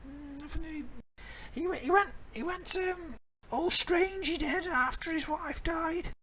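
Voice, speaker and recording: A woman's voice: extremely high pitch, slow, bright, forceful tone, pitched above the performer's own voice, exaggerated voice, poor audio. A woman voicing a bent, fearful old village woman who stammers and repeats her words. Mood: gossiping.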